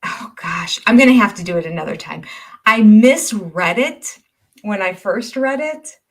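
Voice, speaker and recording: A woman's voice: medium pitch, lively intonation, a little slow. An older woman hosting a casual livestream, reading viewer comments aloud and often laughing as she goes. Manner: chatty, warm-hearted and easily amused.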